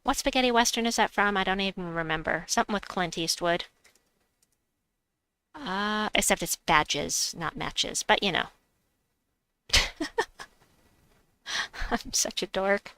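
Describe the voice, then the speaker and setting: A woman's voice: mid-range voice, a little slow, pauses often, bright, forceful tone, smooth, no room sound. A middle-aged woman hosting a game live stream, chatting casually, reading chat aloud and laughing at herself. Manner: chatty, giggly, self-mocking. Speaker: livestream gamer host.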